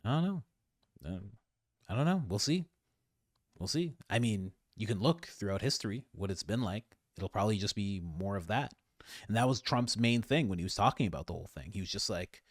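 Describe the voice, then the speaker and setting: A male podcast host talking through current events in casual commentary. He sounds animated and exasperated, his pitch swinging widely, in a dry, close recording. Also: fairly quick, dry recording.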